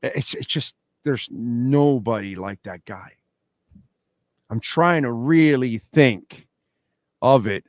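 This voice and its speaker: A man's voice: medium pitch, slow, long pauses, no room sound, studio quality. A man hosting a radio show, talking in a casual, emphatic way and often repeating himself. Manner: animated, emphatic, repeats words. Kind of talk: casual sports radio talk. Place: radio studio. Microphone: studio microphone.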